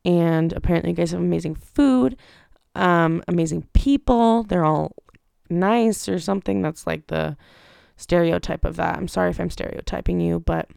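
A woman's voice: fairly low pitch, creaky, dark tone, no echo, clean studio sound. A young woman hosting a casual solo podcast, chatty and rambling with lots of fillers and the odd swear. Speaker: podcast host.

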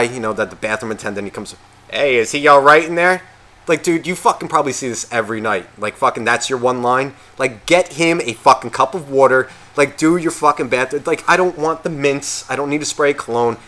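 Man, podcast co-host, bright forceful voice, casual profane storytelling, rambling. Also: medium pitch, brisk. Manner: heavy swearing, rambling and animated.

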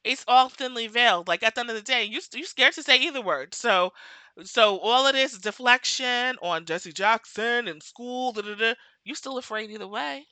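Woman, casual commentary, emphatic, laughing, bright tone, dry recording. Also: a little high, normal speed, dry recording. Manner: emphatic, laughing often, repeats points. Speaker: social media commentator.

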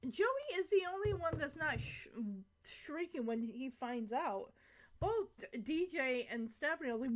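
A woman's voice: high voice, sing-song, unhurried. A young woman recapping a sitcom episode in casual, rambling chat with giggly asides.

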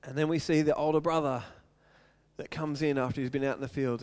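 A man's voice: a little high, steady tone, a little fast, a little mellow, smooth. A male pastor preaching an earnest sermon, retelling a story and acting out its quotes.

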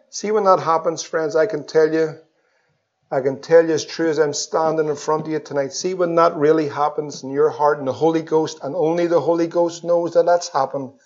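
A man preaching an evangelistic sermon, swinging between loud pleas and hushed tones. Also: fairly high pitch. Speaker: pastor. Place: church. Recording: dull lo-fi sermon recording.

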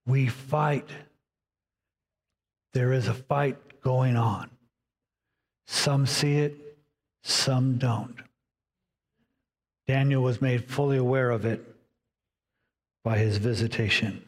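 A man's voice: medium pitch, steady tone. Man preaching in a reverberant hall. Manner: preaching with dramatic pauses, voicing inner dialogue. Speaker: pastor. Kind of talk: sermon.

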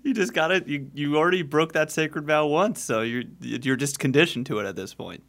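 A man hosting a casual podcast chat who reacts to his guest with quick remarks. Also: on the high side, a bit bright. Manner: reacts with short interjections and laughter. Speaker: host.

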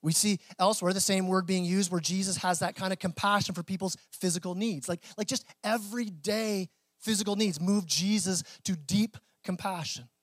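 High-voiced man preaching a sermon. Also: fairly even intonation, normal speed, dry recording. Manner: conversational preaching with small restarts and Southern "y'all". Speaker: pastor.

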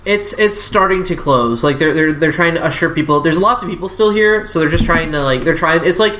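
A game master runs a tabletop session, rambling through descriptions with plenty of likes and false starts. The voice sits at a middle pitch and rings a little in an echoey room, with a faint hiss behind it. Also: a little fast, a bit bright. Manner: rambling, with lots of likes and restarts.

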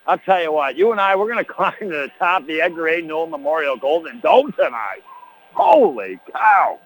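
A man as play-by-play announcer on a high school football radio broadcast, chatty and chuckling, who also reads the sponsor spots. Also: sing-song, fast, a bit bright, poor audio.

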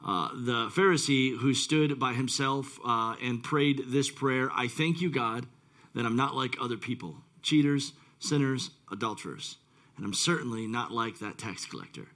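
A man's voice: medium pitch, moderate pace, fairly bright tone. A male pastor preaching a casual, rambling sermon with many fillers and self-deprecating asides.

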